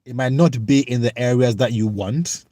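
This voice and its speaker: A young British livestreamer chats with viewers live, reading and answering their comments in an earnest, reflective, halting way. His mid-range voice has a dark tone, with no echo.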